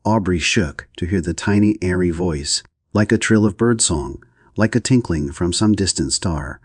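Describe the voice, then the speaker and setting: Low raspy guy reading an old novel out loud, dry close sound, steady and even. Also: normal speed, no echo. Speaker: audiobook narrator. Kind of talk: audiobook reading.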